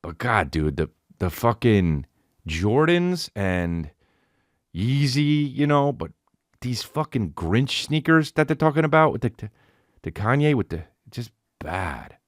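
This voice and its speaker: A man's voice: mid-range voice, a little slow, no room sound, studio quality. A man hosting a podcast, ranting in a loose, profane, rambling comedic way. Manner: rambling, profane, animated, breaks into sung snippets. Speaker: podcast host. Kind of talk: casual comedic rant.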